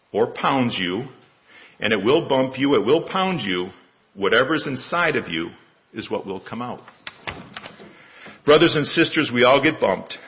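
Gravelly-voiced man in his sixties preaching. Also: medium pitch, a bit bright, highs cut off. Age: 60s. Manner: measured, with rhetorical questions. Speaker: lay preacher. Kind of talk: sermon.

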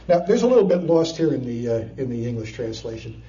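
A man preaching a sermon, retelling scripture with lively storytelling, chuckles and frequent fillers. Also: medium pitch, fairly quick. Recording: distant, dull, echoey room.

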